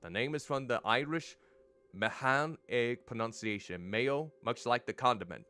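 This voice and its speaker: A man's voice: medium pitch, moderate pace, pushed and bright, no room sound. Male streamer reading game text. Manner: reads game text aloud, stumbles over pronunciations. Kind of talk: gameplay reading and commentary.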